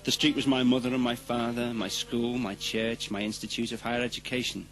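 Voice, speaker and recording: A man from London with a London accent, delivering a comic monologue in a ranting style that swings from deadpan to shouting. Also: medium pitch, fairly quick, soft background music. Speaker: comedian.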